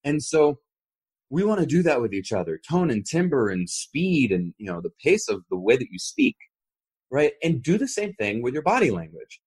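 Husky, animated male podcast host. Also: mid-range voice. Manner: animated, demonstrates voices while explaining. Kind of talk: casual podcast explanation.

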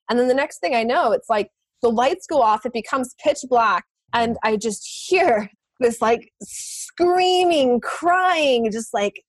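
A woman telling a personal story in casual conversation, animated, laughing often and swearing casually. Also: fairly high pitch, husky, no room sound.

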